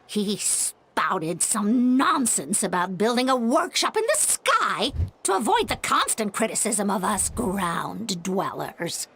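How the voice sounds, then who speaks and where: A woman's voice: medium pitch, sing-song, takes it slowly, fairly bright tone, husky, heavily acted. An actress voicing a bitter older woman in a game, speaking coldly and resentfully about a son she has disowned. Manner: cold, clipped and resentful.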